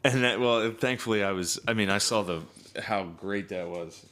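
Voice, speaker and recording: A man from Philadelphia co-hosting a loose comedy podcast, with a voice that sits on the low side. He riffs dryly, swears a lot, and breaks into mocking impressions of people. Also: normal speed, a bit bright. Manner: profane, wry riffing with mocking impressions. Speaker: podcast co-host. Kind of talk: casual chat.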